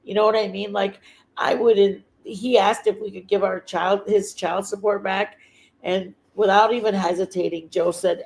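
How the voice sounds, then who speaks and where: A woman's voice: mid-range voice, fairly even intonation, moderate pace, a little mellow, low-quality recording. Rambling, earnest middle-aged woman. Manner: rambling, searching for words, restarting sentences; earnest and heartfelt. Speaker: livestream host. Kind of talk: casual chat.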